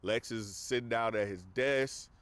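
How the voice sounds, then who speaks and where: A man's voice: medium pitch, a little slow, a bit bright, dry recording. A man casually recapping a movie on a podcast, rambling with lots of fillers. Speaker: podcast host.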